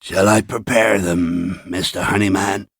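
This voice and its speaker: A stern elderly woman who keeps her captives in order, read by a man in a voice close to his own. She speaks coolly and matter-of-factly, slow and low. The sound is close and dry. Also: fairly even intonation, a bit bright, no echo. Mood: cold. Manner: coolly advising, businesslike. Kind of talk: audiobook character voice.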